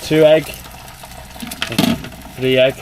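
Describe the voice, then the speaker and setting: A man's voice: medium pitch, little pitch movement, very slow, background noise. A young man, chatting casually to camera in a campervan, rambling with lots of fillers. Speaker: travel vlogger. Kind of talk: casual vlog chat to camera. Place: inside a small campervan.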